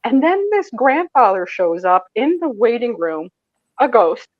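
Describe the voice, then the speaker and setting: A woman's voice: on the high side, big pitch swings, measured pace, no room sound, narrow, tinny audio. A woman from Michigan, a psychic medium, telling a story as an interview guest, laughing often and acting out the voices she quotes. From Michigan, USA. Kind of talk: animated storytelling in a casual interview.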